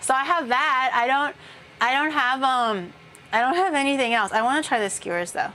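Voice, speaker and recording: A woman's voice: high-pitched, moderate pace, pushed and bright. A woman chatting casually with viewers while she cooks on a live stream, swearing now and then. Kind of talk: casual chat while cooking. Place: home kitchen.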